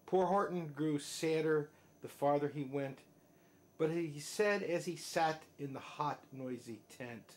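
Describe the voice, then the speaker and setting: Unhurried dad reading a rhyming storybook. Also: male voice, a little high, slight background noise. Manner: sing-song rhythmic reading, dropping soft at line ends. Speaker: father reading to his child. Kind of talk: reading a rhyming picture book aloud.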